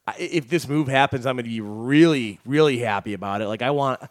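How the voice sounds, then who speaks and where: A man hosting a sports talk radio show, bantering in a relaxed, agreeable way. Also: mid-range voice, a little fast, no echo, clean studio sound. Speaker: radio host.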